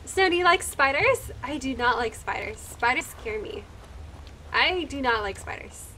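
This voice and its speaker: A woman's voice: high-pitched, expressive, normal speed, sharp tone, slight background noise. A woman streaming live while she plays a game, gushing and thanking her viewers one by one, moved almost to tears. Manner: easily moved, close to tears. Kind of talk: casual live-stream chat while gaming.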